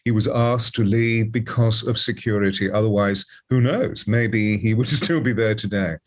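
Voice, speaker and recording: A man's voice: lowish voice, normal speed. A man commenting as a guest co-host, talking in an expansive, meandering way full of fillers. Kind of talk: casual commentary.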